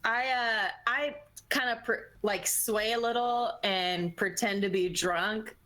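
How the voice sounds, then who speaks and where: Slow-talking woman with a bright voice. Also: fairly high pitch, fairly even intonation, rough recording. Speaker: player. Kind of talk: casual tabletop game play.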